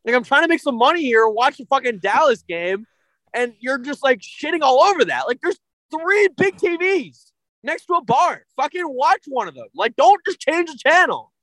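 A young man ranting and swearing in casual podcast chat, excitable and blunt. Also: very high voice, moderate pace, dry recording. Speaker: podcast co-host.

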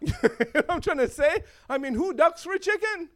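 A man preaching a sermon in an animated way, with joking asides and chuckles. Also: very high voice, brisk.

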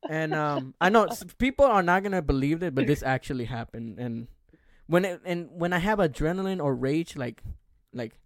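A man's voice: a little high, lively intonation, normal speed, no room sound, studio quality. A man in his twenties, a podcast host, telling a rambling, profane story in casual chat.

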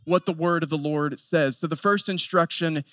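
A man in his thirties with an Appalachian North Carolina accent, preaching a sermon in an earnest way and building lists with emphatic pauses. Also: fairly high pitch, bright, forceful tone, no echo. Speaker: pastor.

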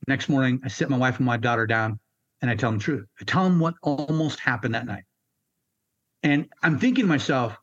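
Blunt, halting older man recounting hardship. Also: mid-range voice, fairly bright tone, muffled recording. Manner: blunt, raw and halting, swears freely. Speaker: military veteran interviewee. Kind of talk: candid personal storytelling.

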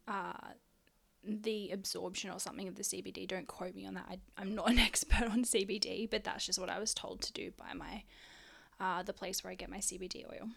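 A woman's voice: mid-range voice, vocal fry, fairly bright tone. A woman hosting a casual solo podcast, chatty and frank, swearing freely and out of breath. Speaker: podcast host.

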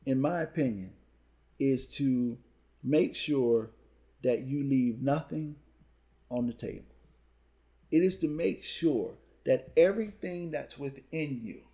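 This man's voice runs on the high side with a dark tone. He's a motivational speaker who talks at schools, here in a podcast conversation full of storytelling and punchy, repeated lines.

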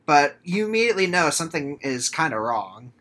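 Very deep-voiced woman, dry and laid-back. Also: very animated, fairly quick, a bit bright. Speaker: guest co-reviewer. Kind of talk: casual film review chat.

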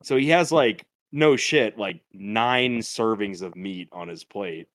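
A podcast co-host tells a loose, profane story in casual chat, laughing his way through it. His voice is on the low side, slow and fairly bright, captured dry on a podcast microphone.

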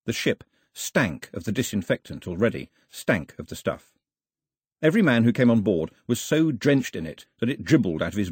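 A male audiobook narrator reads with an expressive, storytelling manner. His voice is husky and his pitch moves freely, rising and falling through the sentences. The recording is close and dry, with no room sound. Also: dry recording.

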